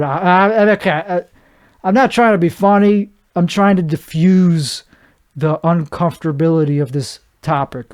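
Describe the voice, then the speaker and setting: A man's voice: on the high side, a little mellow. A man hosting a solo podcast, rambling from one thought to the next in a joking, self-deprecating way. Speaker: podcast host.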